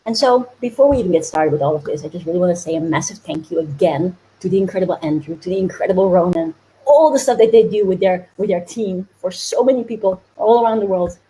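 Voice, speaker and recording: Hosting a live online business challenge, this woman speaks quickly and animatedly in a fairly low voice with a dark tone. The recording is low quality. Her talk is bubbly and motivational, full of laughter and pleas for viewers to leave comments.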